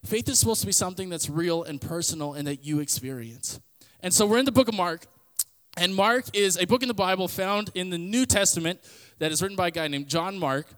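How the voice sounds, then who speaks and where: A man with a notably high voice hosts a relaxed Bible teaching podcast. He tells stories and retells scripture in loose everyday slang, and his voice trails off into a long reverb tail. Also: brisk, smooth. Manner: conversational, storytelling, paraphrases scripture in everyday slang.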